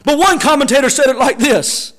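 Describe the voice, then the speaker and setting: A man preaching a sermon, acting out quotes and shouting key lines for emphasis. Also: extremely high pitch, a little fast. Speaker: pastor.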